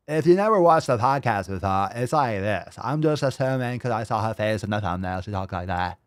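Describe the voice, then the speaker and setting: A man's voice: on the low side, animated, a little fast, hardly any pauses, smooth, no room sound, studio quality. Sarcastic, swearing man reacting to clips. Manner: sarcastic, mocking, swears a lot. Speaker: podcast host. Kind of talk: profane reaction commentary.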